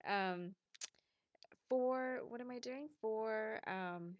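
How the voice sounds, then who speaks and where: A woman's voice: a little high, drawn-out words, muffled recording. Flustered woman giving a church talk. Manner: a bit flustered, laughing, uses fillers. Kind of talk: casual sermon talk.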